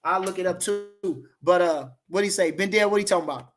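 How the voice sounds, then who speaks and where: High-voiced chatty boxing streamer. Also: male voice, a little fast. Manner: loose, repetitive, slangy, repeats phrases for emphasis. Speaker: boxing livestream host. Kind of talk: casual livestream chat reading comments.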